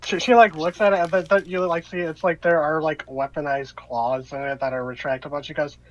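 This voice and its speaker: A man's voice: fairly high pitch, steady tone, brisk, muffled recording. A man running a tabletop game as game master, narrating in a rambling, hesitant way full of fillers.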